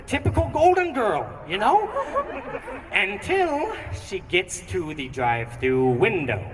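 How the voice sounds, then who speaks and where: A young man performing a stand-up comedy routine with animated, theatrical storytelling on a theatre stage. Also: high-pitched. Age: young adult. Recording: echoey hall, distant mic, noisy.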